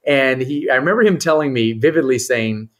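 A man, a mental performance coach and podcast guest, telling a story in an animated way and acting out the people he quotes. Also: mid-range voice, a little fast.

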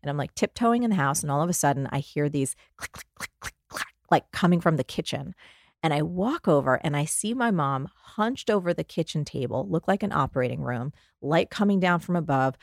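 A woman in her forties from New Jersey, a guest author and life coach, telling animated stories in an interview and acting out the voices in them. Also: low voice, fairly quick, creaky, no echo, studio quality. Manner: lively, acts out voices in her anecdotes.

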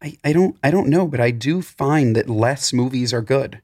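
A man's voice: medium pitch, lively intonation, moderate pace, a little mellow. A man co-hosting a podcast, giving blunt, offhand opinions in casual chat.

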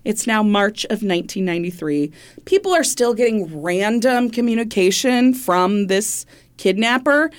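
A woman's voice: medium pitch, expressive, normal speed. A woman co-hosting a podcast, telling a true-crime case in a loose, conversational way, laughing often and swearing now and then. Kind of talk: casual true-crime storytelling.

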